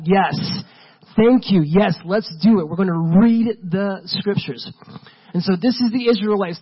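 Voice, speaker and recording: A man delivers a sermon in a relaxed, chatty manner, peppering his points with fillers. His voice sits a little high and has a husky edge. The recording sounds dull and lo-fi. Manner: casual, conversational preaching with many fillers. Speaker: pastor.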